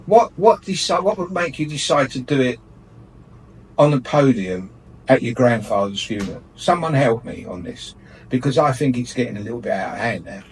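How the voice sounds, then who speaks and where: A man's voice: mid-range voice, animated, moderate pace, distant mic, a little hiss or hum, poor audio. A man ranting with indignation in a light-hearted radio chat, laughing often. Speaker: radio show regular airing his gripes.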